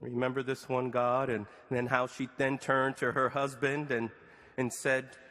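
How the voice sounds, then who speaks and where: A middle-aged man preaching a sermon framed as a prayer to God, with slow deliberate pauses and rising questions. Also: mid-range voice, flat delivery, fairly bright tone, in a large hall.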